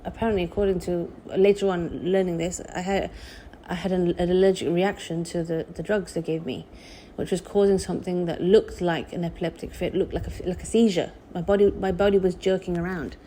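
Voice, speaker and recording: A young woman telling a personal story in a halting, emotional way, with many restarts. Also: on the low side, fairly even intonation, dark tone, slight background noise. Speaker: vlogger.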